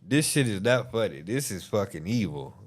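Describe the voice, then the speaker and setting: Man, vlog commentary host, tired, blunt and profane, animated swings in pitch. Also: moderate pace. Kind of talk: reading and reacting to trial testimony.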